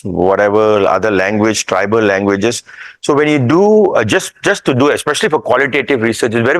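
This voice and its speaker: A man's voice: lowish voice, dry recording, poor audio. A man giving a casual, rambling lecture at a workshop, often checking that the audience follows him. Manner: rambling, conversational, with restarts and asides. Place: hotel workshop room.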